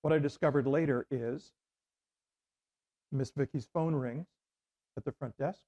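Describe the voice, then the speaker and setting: Middle-aged canadian guy, ex radio host, rambling story after story, warm voice, kinda muffled lo-fi audio. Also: medium pitch, unhurried. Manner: rambling anecdotes with many restarts and fillers. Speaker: guest, former radio host. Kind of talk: casual interview storytelling.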